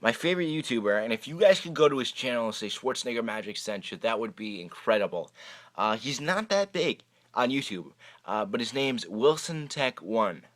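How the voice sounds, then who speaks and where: A man's voice: mid-range voice, big pitch swings, moderate pace, a bit bright. Young man rambling through viewer questions. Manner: rambling, chatty, frequent hesitant repeats. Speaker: YouTube magic channel host. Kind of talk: casual Q&A vlog. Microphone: camera microphone.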